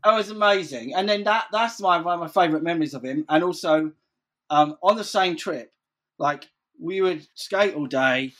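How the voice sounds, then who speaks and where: A man's voice: a little high, normal speed, a bit bright. A man telling stories in casual chat, rambling, swearing freely and saying "like" constantly.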